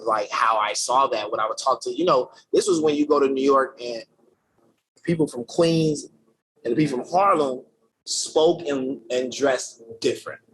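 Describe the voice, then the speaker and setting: A man in a relaxed interview, telling his story in loose, slang-heavy speech with plenty of fillers and false starts. His voice sits in a middle pitch, and a faint hiss runs underneath. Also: poor audio. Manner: slangy, energetic, many fillers and restarts. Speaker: podcast guest, creative director. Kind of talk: casual conversational storytelling.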